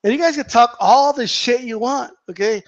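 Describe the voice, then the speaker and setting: High-pitched man, heated profane rant, mocking, repetitive, dull lo-fi sound. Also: moderate pace, no echo. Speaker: boxing commentator vlogger. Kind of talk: casual rant to viewers.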